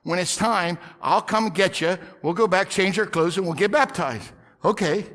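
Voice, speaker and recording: A middle-aged male pastor telling a story in a sermon, swinging from loud outbursts to hushed whispers. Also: sits high, moderate pace.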